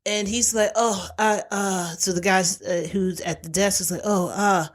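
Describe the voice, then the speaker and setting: A woman's voice: medium pitch, moderate pace. A woman podcast host in casual chat, retelling a TV episode and acting out the characters' lines as she goes. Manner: lively storyteller who acts out the characters' quoted lines.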